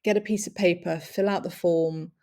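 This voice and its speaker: A woman speaking at length from her own experience, her voice low and gravelly with a lot of fry. She talks reflectively, pausing to search for words and breaking into soft laughs now and then. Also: fairly even intonation. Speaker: speaker sharing personal experience. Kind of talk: long-form personal talk.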